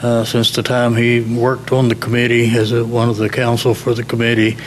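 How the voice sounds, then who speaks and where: A panel moderator introducing a speaker at a conference, reading with many hesitations. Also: male voice, medium pitch, a little fast, slight background noise. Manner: flat, reading, with many uhs. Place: conference hall.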